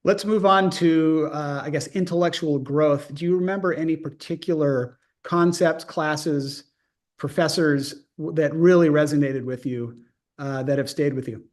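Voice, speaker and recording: A male interviewer in his fifties with a voice pitched a bit higher than most men. He asks long, winding questions, hedging as he goes and slipping in plenty of "uh" and "sort of". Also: measured pace, a little mellow. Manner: rambling, hedging questions with fillers.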